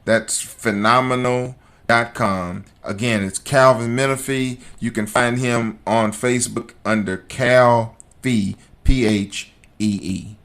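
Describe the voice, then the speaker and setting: A man hosting a podcast, shifting between emphatic, repetitive commentary and relaxed, chatty sponsor reads. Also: medium pitch, slow. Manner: fired up and emphatic, preacher-like repetition; calm and conversational in sponsor reads. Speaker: podcast host.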